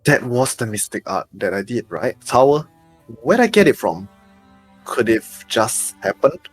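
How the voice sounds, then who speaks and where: A man's voice: mid-range voice, big pitch swings, normal speed, husky, soft background music. A man co-hosting a gaming stream, explaining game rules plainly and reading character lines aloud. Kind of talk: casual let's-play chat.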